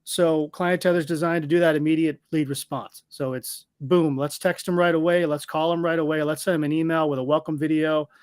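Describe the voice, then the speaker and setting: A man speaking as an interview guest, explaining his company's software in a confident, explanatory way. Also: level tone, brisk, hardly any pauses, clean tone, dry recording, clean studio sound. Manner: explanatory, confident pitch of a product. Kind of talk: casual interview talk.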